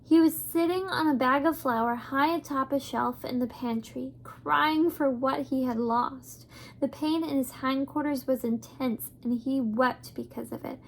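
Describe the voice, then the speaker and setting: High-voiced woman reading a storybook. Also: measured pace, vocal fry, a little hiss or hum. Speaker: reader. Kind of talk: reading a children's novel aloud.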